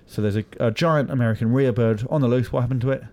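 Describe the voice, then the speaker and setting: A man hosting a comedy podcast quiz, teasing his guests with quick jokey asides. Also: medium pitch, a little mellow. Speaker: radio podcast host. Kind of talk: playful quiz-show banter.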